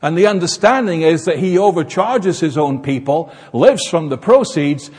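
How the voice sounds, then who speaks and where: A male preacher explains scripture with emphatic, animated delivery. His voice is slightly high and breathy and swings widely in pitch. A long reverb from a large hall trails each phrase. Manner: emphatic, expository. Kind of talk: sermon.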